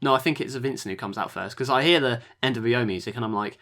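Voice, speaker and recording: A man's voice: mid-range voice, quick pace, few pauses, fairly bright tone. A man hosting a podcast, reviewing matches in a rambling casual chat that often trails off. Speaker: podcast host.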